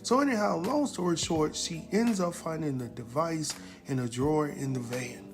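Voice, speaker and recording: A man recapping a TV episode in a casual, animated way, exclaiming and chuckling as he talks straight to his viewers. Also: a little high, moderate pace, music in the background.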